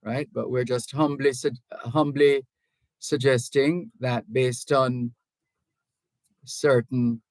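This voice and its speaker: A middle-aged Jamaican man hosting a call-in radio talk show. He reads listener messages aloud and talks in a measured, deliberate way, often restarting his sentences. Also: mid-range voice, fairly even intonation, a little mellow, dry recording, poor audio. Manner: deliberate, measured, with frequent restarts and hedging asides. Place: radio studio. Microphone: studio microphone.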